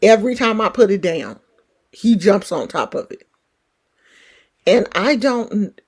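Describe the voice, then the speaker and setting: A woman's voice: fairly high pitch, expressive, slow pace, a little mellow. A middle-aged woman with a California country twang, chatting casually and rambling as a livestream host. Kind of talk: casual chat.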